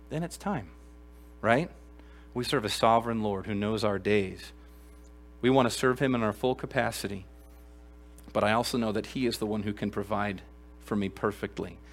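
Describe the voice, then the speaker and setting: A man preaching a sermon to a live congregation in a church, emphatic and earnest, swinging from loud exclamations to quiet asides and asking the room questions. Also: on the low side, creaky. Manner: addresses the congregation directly with questions. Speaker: pastor.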